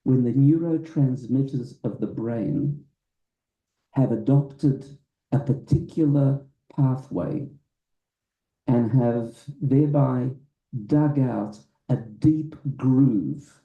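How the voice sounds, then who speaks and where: Rabbi guy giving a talk, slow and emphatic, kinda dull roomy hall sound. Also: mid-range voice, far from the mic. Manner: slow, deliberate teacher with emphatic phrasing. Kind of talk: public lecture. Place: event hall with a live audience.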